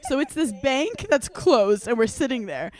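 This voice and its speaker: A woman's voice: sits high, very animated, normal speed. A young woman co-hosting a casual podcast, telling a story animatedly with frequent laughter and acted-out quotes. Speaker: podcast co-host. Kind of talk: casual chat.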